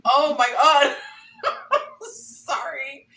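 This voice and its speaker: A woman's voice: high-pitched, very animated, extremely slow, bright, forceful tone, a little hiss or hum, rough recording. A woman hosting a live panel chat, bubbly and laughing at herself as she reads out questions. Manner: bubbly, laughing, self-deprecating. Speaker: host.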